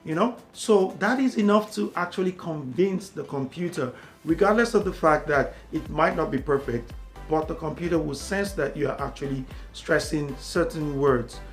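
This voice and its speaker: Higher-voiced man giving exam tips. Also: moderate pace, faint music behind. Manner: steady explaining, repeats key words. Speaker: exam prep tutor. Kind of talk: instructional talk to camera.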